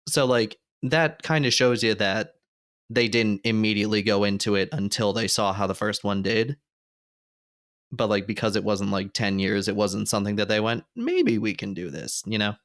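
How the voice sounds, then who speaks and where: A man's voice: on the low side, steady tone, moderate pace, fairly bright tone, smooth. A man chatting casually as a podcast guest, rambling with lots of filler words and jokes. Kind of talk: casual chat.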